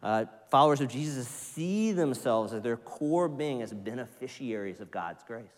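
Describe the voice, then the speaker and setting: A man preaching a sermon to his congregation, animated, sometimes putting on excited voices. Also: mid-range voice, normal speed. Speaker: pastor. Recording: church hall reverb.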